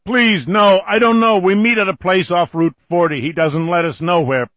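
A man voicing a terrified male captive who pleads, his voice pushed high and strained, on a dull lo-fi recording. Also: fairly even intonation, normal speed, dry recording, close to an everyday voice. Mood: panicked pleading.

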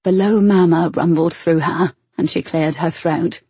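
Low, husky woman narrating a story. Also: fairly even intonation, unhurried, mellow, no room sound. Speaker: audiobook narrator. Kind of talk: scripted narration.

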